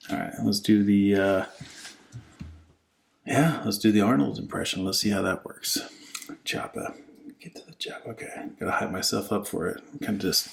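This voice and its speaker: A man with a low, gravelly voice reads an old saga in soft-spoken ASMR, right up close to the microphone. He keeps slipping into rambling, half-whispered asides full of likes. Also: poor audio. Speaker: ASMR channel host reading a saga. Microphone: microphone with headphones.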